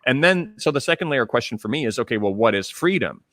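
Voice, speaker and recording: A man's voice: mid-range voice, expressive, fast talker, fairly bright tone, dry recording, studio quality. A man raised in Canada hosting a conversational interview, thoughtful and full of fillers and restarts. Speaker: interviewer, channel host.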